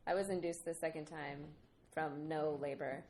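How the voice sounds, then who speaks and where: Over a noisy background, a thirtysomething woman co-hosting a podcast speaks at normal speed in a low, steady voice. Her casual chat is candid, with frequent laughter as she recounts what others said.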